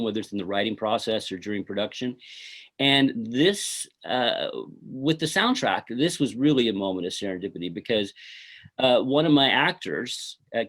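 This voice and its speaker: A middle-aged man, a filmmaker being interviewed, telling stories from his film shoot in a rambling way full of "you know" and "uh". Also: mid-range voice. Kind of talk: casual interview storytelling.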